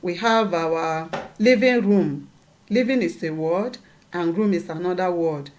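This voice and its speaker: A woman's voice: fairly low pitch, unhurried, a little mellow, a little hiss or hum. A woman teaching a lesson, patiently repeating points and checking that her students follow. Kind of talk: classroom lesson.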